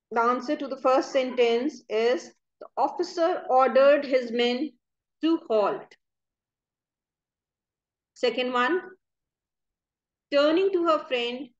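Slow, high-voiced woman teacher dictating answers. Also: lo-fi sound. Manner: slow, careful dictation of punctuation. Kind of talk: recorded grammar lesson, reading answers aloud.

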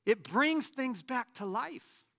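A man in his late thirties, a pastor giving a conversational sermon with animated, self-deprecating humor. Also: extremely high pitch, takes it slowly. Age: late 30s.

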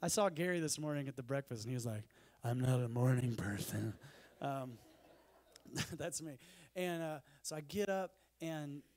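Speaking at normal speed with a fairly high-pitched voice, a man delivers a conference talk from the stage. His manner is animated, and he tells one self-deprecating, humorous story after another.

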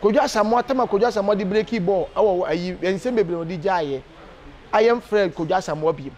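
Animated high-voiced Ghanaian man. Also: brisk, slight background noise. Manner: animated, emphatic, with frequent hesitation fillers. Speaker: interview guest. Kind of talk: casual interview.

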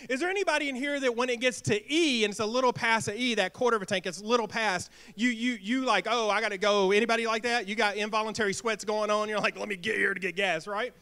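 A man preaching a sermon in a church, energetic, asking the congregation questions and acting out little quips. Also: sits high, fast talker, few pauses, clear, resonant tone. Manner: energetic, asks the crowd questions and acts out quips. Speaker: pastor. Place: church sanctuary.

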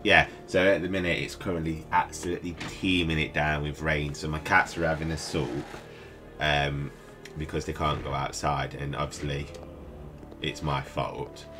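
Sleepy british guy with a super low voice chatting over game music, rambly let's play talk. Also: level tone, normal speed. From United Kingdom. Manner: rambling, mutters to himself while playing. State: tired, up at night. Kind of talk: casual gameplay commentary. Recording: game music playing behind.

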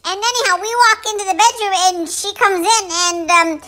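A woman's voice: extremely high pitch, moderate pace, sharp tone. Gabby Girl, a sassy French bulldog, voiced by a woman. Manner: chatty, gossipy, with many ums. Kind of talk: storytelling pet vlog.

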